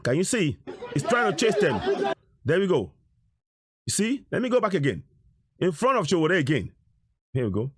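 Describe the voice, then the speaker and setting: Indignant man, high lively voice. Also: normal speed, long pauses, husky. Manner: insistent, repeats "you see?", indignant. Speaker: activist commentator. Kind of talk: commentary over video footage.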